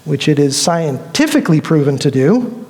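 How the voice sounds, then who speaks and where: A man's voice: a little high, big pitch swings, moderate pace, warm tone, big-room sound. A male pastor preaching a sermon in a conversational, storytelling way, acting out quotes as he goes. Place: church sanctuary.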